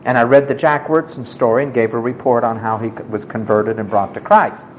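A man's voice: mid-range voice, steady tone, fairly quick, slight background noise, poor audio. A man preaching to young people, telling a personal story emphatically and acting out the quoted voices. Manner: emphatic, dramatic retelling with acted quotes.

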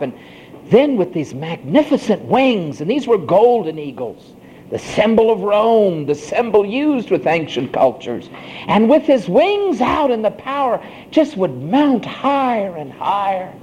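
A man preaching a sermon, emphatic, with a swooping preacher's cadence and slow, drawn-out phrases. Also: high voice, a little mellow, a little hiss or hum, rough recording.

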